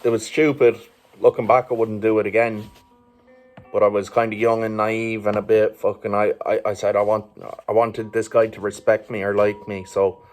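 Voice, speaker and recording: Low, flat-voiced Irish man rambling. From Ireland. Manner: rambling, sweary, with frequent fillers and chuckles. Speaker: vlogger. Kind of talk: casual storytelling monologue.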